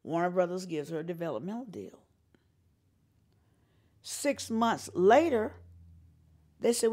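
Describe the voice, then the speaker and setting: A woman's voice: fairly low pitch, unhurried, long pauses. An older woman from North Carolina, telling stories in an interview and acting out the voices of the people she quotes. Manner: animated storyteller who acts out quoted voices. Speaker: singer and showcase organizer. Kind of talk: storytelling interview.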